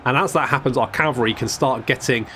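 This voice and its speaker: A man with a mid-range voice talks fast in a bright, forceful tone, with a faint hiss or hum behind him. He's a gameplay commentator giving casual let's-play commentary on a strategy game, wry and chatty, cursing occasionally and restarting sentences.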